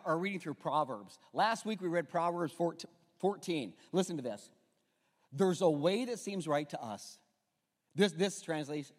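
Male pastor, bright high voice, animated, casual and joking between scripture, church hall reverb. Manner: jokey, conversational preaching with asides. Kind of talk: sermon. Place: church sanctuary.

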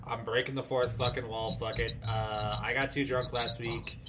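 Male podcast host, tipsy, loose and profane, mid-pitched, clicking noise behind. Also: little pitch movement, normal speed. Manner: loose, swears freely, laughs between lines. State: tipsy from drinking. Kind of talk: casual chat.

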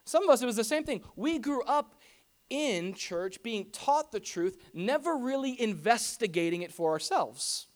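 Pastor preaching to a room, chatty and animated, lots of rhetorical questions, mid-pitched voice. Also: normal speed. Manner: animated, asks rhetorical questions, casual fillers like "like" and "right". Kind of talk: conversational sermon. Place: church hall before a congregation.

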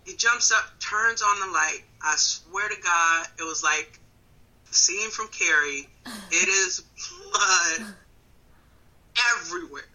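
A woman from Wisconsin, a comedian in her thirties, telling a story in casual chat on a phone call, animated and laughing often. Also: lowish voice, slow pace. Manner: animated, laughing often, swings between loud and quiet. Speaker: comedian guest.

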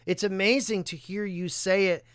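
A man hosting a podcast, chatting casually and enthusiastically, thinking out loud and affirming his guest. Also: sits high, fairly even intonation, moderate pace, clean tone. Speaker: podcast host. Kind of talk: casual conversation.

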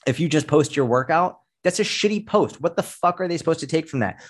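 A man's voice: fairly high pitch, expressive, fast, few pauses, slightly rough. A man speaking as a fitness coach guest in a casual podcast interview, blunt and emphatic, with frequent swearing.

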